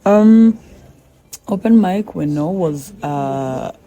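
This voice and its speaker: A woman's voice: lowish voice, animated, very slow, mellow, muffled recording. A woman guest in a casual conversation, telling stories animatedly and quoting herself in dialogue.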